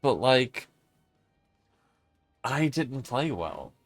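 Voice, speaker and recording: Guy streaming a horror game, cussing and confused, mid-pitch voice, just thinking out loud. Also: big pitch swings, very slow, dry recording, faint music behind. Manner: frank, swearing, puzzled and self-critical. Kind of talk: casual gameplay commentary.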